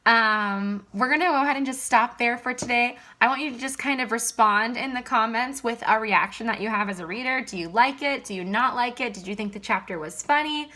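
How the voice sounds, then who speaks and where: A woman teacher closes a read-aloud lesson with friendly encouragement. Her voice is bright and slightly high, with a clear, crisp ring. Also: fairly quick, few pauses. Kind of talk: classroom read-aloud wrap-up.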